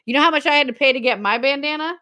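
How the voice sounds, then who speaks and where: A woman's voice: high-pitched, rapid-fire, bright, forceful tone. A woman in her forties talks in a loose, chatty way while hosting a live-stream sale. She tells stories, laughs often and answers comments from viewers as they come in. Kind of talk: casual live-stream chat.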